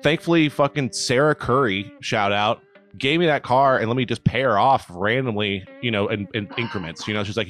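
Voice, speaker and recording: A man's voice: on the low side, expressive, brisk, fairly bright tone, soft background music. A man telling a story in casual chat, rambling with lots of fillers and swearing.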